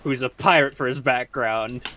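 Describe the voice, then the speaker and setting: A man chatting casually and excitedly, swearing freely as he talks. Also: mid-range voice, normal speed. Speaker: tabletop game player. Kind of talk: casual chat.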